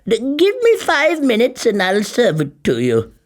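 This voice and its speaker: A man's voice: wildly swooping pitch, a little slow, full character voice. Man doing a fluttery nervous old lady. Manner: fluttery, high, anxious. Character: kindly nervous old woman, ogre's wife.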